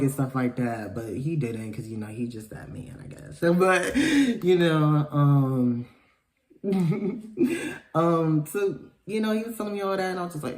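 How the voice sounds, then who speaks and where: A man telling a story in a casual vlog, animated and profane, jumping from loud outbursts to low mumbled asides. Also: unhurried. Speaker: storytime vlogger.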